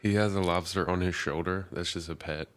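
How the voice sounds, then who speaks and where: A man's voice: sits low, fairly even intonation, fairly quick. A man co-hosting a podcast in casual chat, laid-back with dry remarks. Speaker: podcast co-host.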